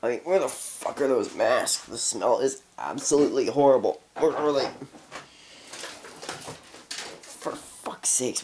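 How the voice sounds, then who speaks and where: A man's voice: on the high side, background noise. A man vlogging in a house, handheld camera, ranting and cursing in frustration. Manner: angry, swearing constantly. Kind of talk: casual vlog rant. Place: inside a house.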